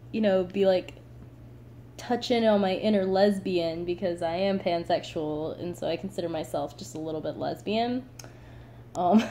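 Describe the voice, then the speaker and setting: A teenage woman talks straight to her viewers, telling a story in a loose, chatty way. Her voice sounds mellow and warm. She fills her talk with "like" and breaks into laughs as she goes. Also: medium pitch. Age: late teens. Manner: chatty, animated, lots of "like", laughs. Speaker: vlogger. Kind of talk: casual storytelling to camera.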